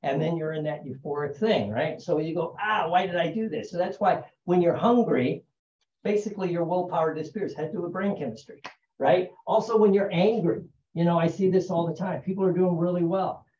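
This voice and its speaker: A man's voice: on the high side, a little fast, warm tone. A man giving a casual explanatory talk about habits, conversational and repeating "right?" and "you know" often. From United States. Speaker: hypnotherapist talking about habits. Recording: dull, echoey, from a distance.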